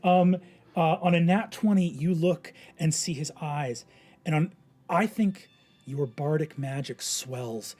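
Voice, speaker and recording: A man narrating a tabletop game as game master, dropping to whispers and swelling to loud, dramatic bursts. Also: on the high side, slow.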